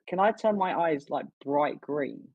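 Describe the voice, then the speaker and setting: A man's voice: fairly high pitch, lively intonation, measured pace, gravelly, dry recording, phone-quality sound. A man playing a tabletop game, talking casually and a little hesitantly as he asks about his turn. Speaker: player.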